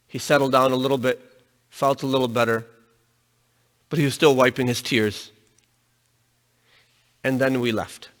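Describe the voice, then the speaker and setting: A man giving a religious lecture, telling a story in an animated way and raising his voice to stress his points. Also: mid-range voice. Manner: animated storytelling, voice rising with emphasis. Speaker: religious teacher. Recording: long reverb in a hall.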